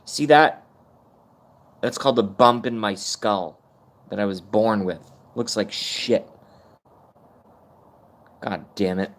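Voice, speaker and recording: Speaking slowly with long pauses, this thirties-aged streamer has a fairly low voice. He rambles through a casual, profane rant on his live stream, frequently poking fun at himself.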